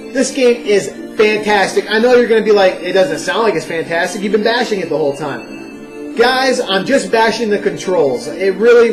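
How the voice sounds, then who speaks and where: A young man giving a casual, animated first-impressions game review, full of "you know" and "like.". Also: high voice, low-quality recording. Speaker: video game vlogger.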